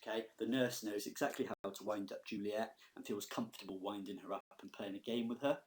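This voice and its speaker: Low-voiced male teacher explaining a lesson. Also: fairly even intonation, fairly quick. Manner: conversational and explanatory, checks in with students. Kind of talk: recorded classroom lesson over slides.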